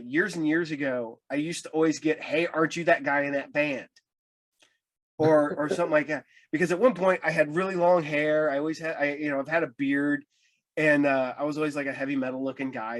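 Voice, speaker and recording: Rambling male podcast host. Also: on the high side. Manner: rambling anecdotes with many restarts. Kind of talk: casual interview chat.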